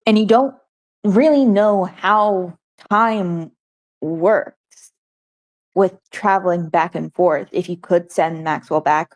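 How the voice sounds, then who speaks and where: A woman runs a tabletop game as its game master, talking through scenes in a thoughtful, hedging way. Her voice sits a little low. The sound is dry and close, with no room around it. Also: darkish tone, no echo.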